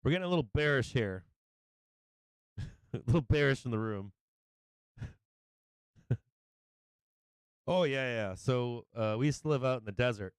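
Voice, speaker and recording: Give me a man at mid pitch telling rambling, profane stories on a livestream. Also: fairly quick, clean tone, no echo. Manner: rambling, profane, laughs often. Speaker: livestream host. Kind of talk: casual livestream chat.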